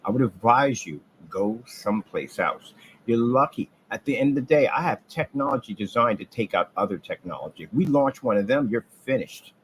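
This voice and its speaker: A man delivering a rambling, boastful trash-talk rant about his business, taunting rivals and jumping from low mutters to loud outbursts. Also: expressive, moderate pace, a little hiss or hum, poor audio. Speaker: business owner ranting on his channel.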